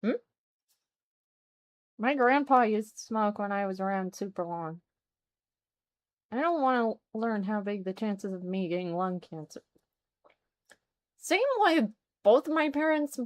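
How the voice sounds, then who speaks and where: A woman's voice: mid-range voice, expressive, measured pace, long pauses. A woman streaming a game, chatting casually and exclaiming as she plays. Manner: chatty, exclaims and reacts aloud. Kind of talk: casual let's-play chat.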